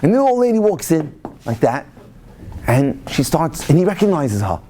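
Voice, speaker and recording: A male rabbi lecturing with lively storytelling energy. His voice sits a bit high for a man and swings up and down as he acts out each scene. He slips Hebrew phrases into sounding English. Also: moderate pace, slight background noise.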